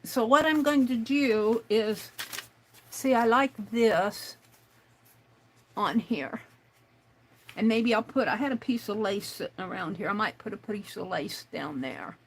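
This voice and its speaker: Slow-talking woman hosting a craft stream. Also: mid-range voice, expressive, a little hiss or hum, rough recording. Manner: thinks aloud, reads chat messages out. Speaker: crafting livestream host. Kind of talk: casual chat while crafting.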